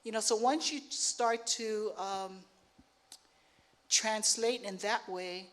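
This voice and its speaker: Middle-aged woman from Hawaii, panel speaker, relaxed, with lots of ums and you-knows. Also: medium pitch, takes it slowly. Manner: relaxed, thinking aloud with many fillers. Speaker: artist and professor, panel speaker. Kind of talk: panel conversation.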